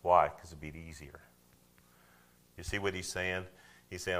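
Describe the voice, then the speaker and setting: Man, deep voice, sermon, questions to the congregation, loud and hushed turns. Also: fairly even intonation, normal speed, long pauses. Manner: conversational preaching, asks the congregation questions, swings from loud to hushed. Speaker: pastor.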